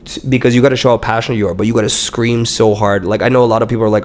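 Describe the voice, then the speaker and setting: Lively young man telling a story. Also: medium pitch, rapid-fire. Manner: animated storyteller who acts out quotes with lots of swearing. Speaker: startup founder, podcast guest. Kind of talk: casual interview chat.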